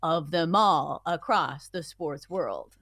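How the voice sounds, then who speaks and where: A woman's voice: low-pitched, slow, a bit bright, no room sound, clean studio sound. A woman hosting a sports talk show, chatting playfully and steering the segment. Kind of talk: casual sports radio chat.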